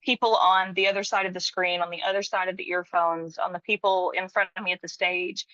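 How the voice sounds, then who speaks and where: A woman's voice: on the low side, little pitch movement, fairly quick, sharp tone, dry recording, dull audio. A woman guest on a podcast talking in a sincere, reflective way about her work and her faith, with the odd light laugh. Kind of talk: casual interview chat.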